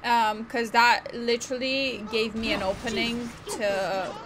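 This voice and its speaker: Chatty girl streamer talking over a game, self-mocking, bit high voice, faint hiss. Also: steady tone, measured pace, a bit bright. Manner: chatty, self-mocking, says "literally" a lot. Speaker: gaming streamer. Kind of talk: casual gameplay commentary. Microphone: desk microphone.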